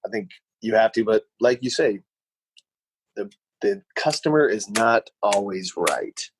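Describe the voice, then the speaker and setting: A man's voice: on the low side, lively intonation, a little slow, slight background noise, low-quality recording. A man co-hosting a podcast, telling stories in a casual chat, rambling and repeating words as he goes. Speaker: podcast co-host.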